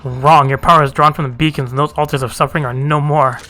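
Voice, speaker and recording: A man's voice: on the high side, fairly even intonation, quick pace, pushed and bright, soft background music. A man voicing a fierce, proud female huntress bent on vengeance, speaking in curt commands.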